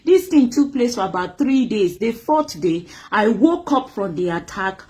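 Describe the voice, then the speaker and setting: A woman's voice: medium pitch, animated, unhurried, darkish tone. A woman from Nigeria, telling her personal story with drama and acting out the voices of others. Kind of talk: emotional personal testimony.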